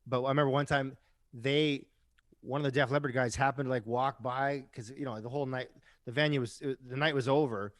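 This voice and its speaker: Speaking a little fast, this man has a mid-range voice and a steady tone, captured in a dry, studio-quality recording. As a podcast guest and rock musician, he tells stories casually, keeps asking "right?", and swears here and there.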